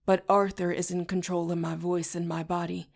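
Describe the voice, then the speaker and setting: A woman narrating an audiobook in the first person with a steady, even reading. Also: lowish voice, normal speed, gravelly. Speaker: audiobook reader.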